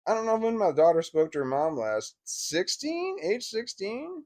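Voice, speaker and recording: A man's voice: sits high, big pitch swings, moderate pace, few pauses, darkish tone. Blunt, emotional man telling a personal story. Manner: emotional, blunt, swears freely, many restarts. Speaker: vlogger.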